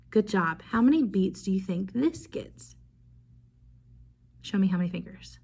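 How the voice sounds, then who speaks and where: Giving a music lesson on video to young kids, this young woman uses a lively mid-range voice. Her pace is slow and warm with encouragement, and she has the children echo her lines.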